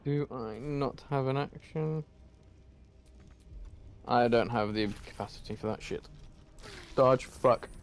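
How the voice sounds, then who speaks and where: A man's voice: medium pitch, measured pace, long pauses, a little mellow. A man playing a video game, muttering and swearing at it as he goes. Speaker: gamer. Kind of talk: game commentary.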